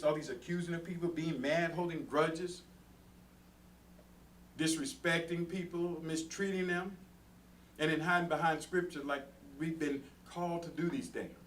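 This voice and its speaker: A man with a fairly high voice leads a Bible study in an earnest, plain-spoken way, acting out everyday arguments for his listeners. He sits some way from the microphone, and a faint hiss runs under his voice. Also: fairly bright tone. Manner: earnest, talks to the room, acts out everyday quarrels. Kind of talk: conversational Bible study sermon. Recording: distant mic with faint background noise.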